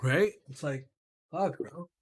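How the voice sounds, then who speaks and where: With a slightly high, husky voice and slow delivery, a podcast co-host chats casually but heatedly. He's animated and profane, peppering his talk with "right?" and "bro."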